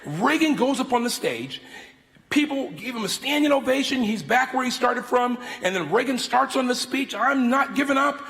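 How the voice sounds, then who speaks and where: Animated high-pitched preacher in a hall. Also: male voice, normal speed. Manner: animated, theatrical storytelling. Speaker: guest speaker. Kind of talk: sermon with storytelling. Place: large university worship hall. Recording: long reverb of a large hall.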